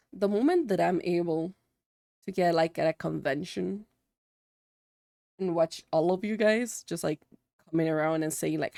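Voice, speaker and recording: A woman's voice: lowish voice, gravelly, dark tone, no room sound, studio quality. A young woman, a Spanish native speaker, chatting casually with her livestream viewers and filling her sentences with "like". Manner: chatty, many "like" fillers, answering chat.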